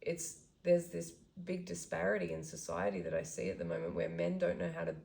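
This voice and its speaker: A woman's voice: lowish voice, sing-song, fairly quick, vocal fry, darkish tone, rough recording. A woman hosting a podcast, speaking in a thoughtful, affirming way. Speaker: podcast host. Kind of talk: reflective casual conversation.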